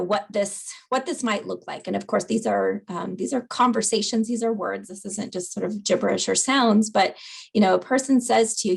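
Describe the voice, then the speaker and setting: Gravelly-voiced woman teaching a webinar. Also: mid-range voice. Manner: conversational, asks "right?" after points. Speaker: dementia educator. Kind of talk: webinar lecture.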